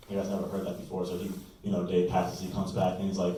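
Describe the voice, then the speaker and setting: A man's voice: low voice, monotone, quick pace, few pauses, mellow. Young male comic, self-mocking rambler; recorded from afar in a very echoey room. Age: young adult. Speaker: stand-up comedian. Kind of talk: stand-up set. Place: college comedy club room. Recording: echoey room from a distance, noisy.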